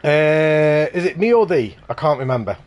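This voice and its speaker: A livestream host tours contest parks in casual live commentary, his fairly high, darkish voice animated at a normal speed. He's enthusiastic, heaping effusive praise on what he sees.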